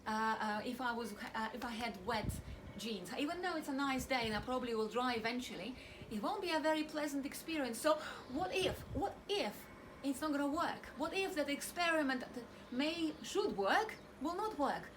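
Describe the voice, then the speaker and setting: A woman with a high voice presents a children's object lesson in a chatty, playful way. She acts out exaggerated worry and trips over small restarts, with faint noise in the background. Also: lively intonation, moderate pace.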